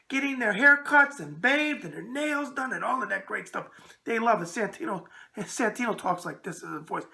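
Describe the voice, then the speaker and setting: A raspy-voiced man with a New York accent hosting a show, bantering in a brash wise-guy way. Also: very high voice, bright, forceful tone. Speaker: host. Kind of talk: casual call-in talk show.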